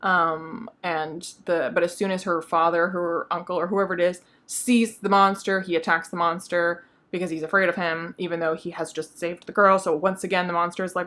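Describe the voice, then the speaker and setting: A woman's voice: lowish voice, little pitch movement, normal speed, hardly any pauses, a bit bright. Chatty woman recapping a book. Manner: chatty, many fillers like "like" and "um". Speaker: book vlogger. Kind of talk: casual plot recap.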